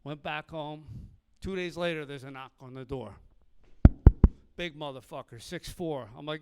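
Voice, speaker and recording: Brash high-voiced stand-up comic man. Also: a little slow, a bit bright, slight background noise. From Philadelphia. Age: middle-aged. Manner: brash, profane, acts out dialogue in other voices. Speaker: stand-up comedian. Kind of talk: stand-up comedy set.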